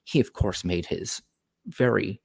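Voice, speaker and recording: A man's voice: fairly low pitch, a little slow, vocal fry, breathy edge. A man co-hosting a casual political talk show, ranting in an emphatic, profane way. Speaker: co-host.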